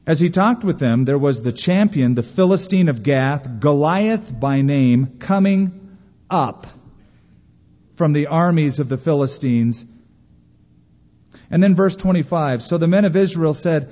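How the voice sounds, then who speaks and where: A man preaching a sermon as pastor, emphatic and animated, acting out quoted lines. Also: measured pace. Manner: emphatic preaching, voices quotes with raised pitch. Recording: dull sound in a long-reverb hall.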